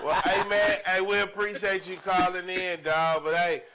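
A man's voice: high-pitched, little pitch movement, normal speed, pushed and bright, a little hiss or hum. A man hosting a podcast, chatting in loose slang and laughing along with the caller. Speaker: podcast host. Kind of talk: casual chat.

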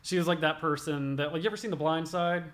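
A man's voice: a little high, quick pace, a bit bright. A young man, a body piercer, telling stories casually in an interview, swearing a lot and filling with "like". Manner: profane, rambling, many "like" fillers.

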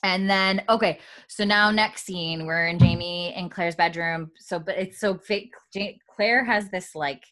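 A woman rambles through a casual episode recap, full of likes and ums. Her voice is on the low side. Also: unhurried, hardly any pauses, a bit bright. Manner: rambling, many fillers, quotes characters.

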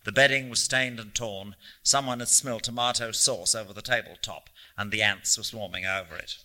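A man narrating a literary audiobook in a measured, descriptive reading. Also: lowish voice, fairly even intonation, pushed and bright.

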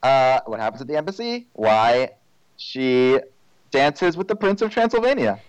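A man's voice: mid-range voice, very animated, normal speed, clean tone, no echo, rough recording. A man chatting casually with a co-host about a musical, asking wry, joking questions. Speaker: podcast co-host.

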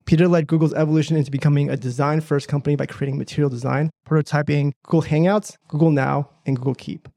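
A male podcast host reads his prepared introduction in a measured way. His voice is a bit high and has plenty of gravelly fry. The recording is close and dry. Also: steady tone, warm tone, no room sound. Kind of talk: scripted introduction and interview questions.

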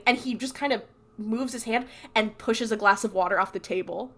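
A woman's voice: a little high, fairly quick. A woman co-hosting a podcast, recapping a TV episode in casual chat and acting out the lines. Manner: animated storytelling, acts out quotes. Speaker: podcast co-host.

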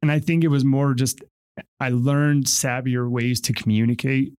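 Animated former cop telling stories. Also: male voice, medium pitch, normal speed, smooth. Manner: animated storyteller, acts out traffic stops. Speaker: former police officer. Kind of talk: casual podcast chat.

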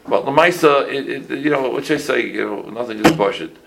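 A man in his sixties, a rabbi giving a casual halacha class full of stories, talking in an animated way with many restarts and Yiddish phrases. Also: mid-range voice, brisk, gravelly, few pauses, noisy background.

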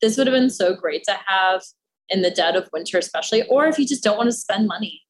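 A woman's voice: medium pitch, animated, fast talker, poor audio. A woman guest on a podcast, chatting casually with easy laughter and lots of fillers. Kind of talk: casual chat.

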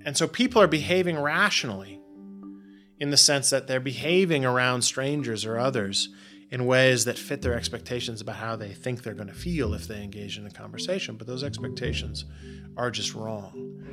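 A man being interviewed as a researcher, explaining his findings in an animated way and often restarting words. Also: medium pitch, normal speed, music in the background. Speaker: guest researcher. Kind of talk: interview answers.

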